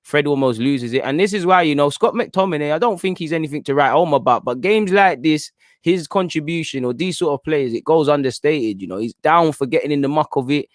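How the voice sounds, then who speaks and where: Excitable young man commentating a match. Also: a little high, a little fast, few pauses, dry recording, studio quality. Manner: excitable and chatty, pleading with players and the referee. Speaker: host of a football watchalong stream. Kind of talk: live fan match commentary.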